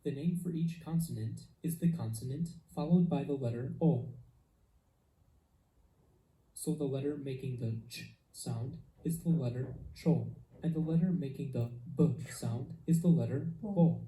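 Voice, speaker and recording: A man teaching pronunciation, calm and deliberate, modeling each sound slowly for the learner to repeat. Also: medium pitch. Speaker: language teacher. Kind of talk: slow instructional narration. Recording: echoey room with faint background noise.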